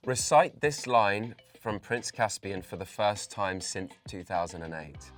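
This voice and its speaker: A deep, low-pitched Englishman in his forties chats in a relaxed, playful way, giggling easily as an interview guest. His English accent is clear. Faint music plays underneath. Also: a little slow. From England. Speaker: actor and singer guest. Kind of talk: casual interview chat.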